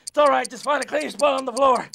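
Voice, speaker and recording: Coach Zuff, a gravelly, high-voiced football coach. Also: male voice, quick pace, a little hiss or hum, exaggerated voice. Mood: coaxing. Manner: loud, pushy, jokey coaxing. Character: upbeat male football fitness coach. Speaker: coach leading an exercise break. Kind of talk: scripted video hosting.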